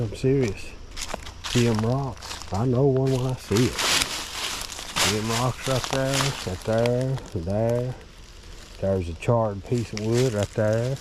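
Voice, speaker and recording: A tipsy man vlogging by a river on a handheld camera, rambling and cursing with chuckles in between. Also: mid-range voice. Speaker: bikepacking vlogger. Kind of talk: rambling outdoor vlog. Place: outdoors by a river. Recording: outdoor recording with loud nature noise. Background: crickets and insects.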